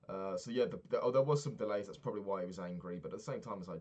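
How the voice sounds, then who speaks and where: A man's voice: low-pitched, fast, darkish tone. A man in his twenties recapping a trip in a rambling, sweary, casual monologue, often laughing at his own stories. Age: 20s. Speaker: vlogger.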